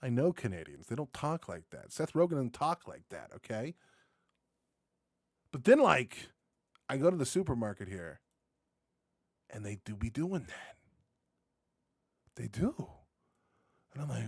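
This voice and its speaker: A man doing casual reaction commentary, rambling and excitable, swearing freely and tossing in dude and bro. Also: medium pitch, measured pace, pauses often, dry recording, studio quality. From United States. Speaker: reaction video host.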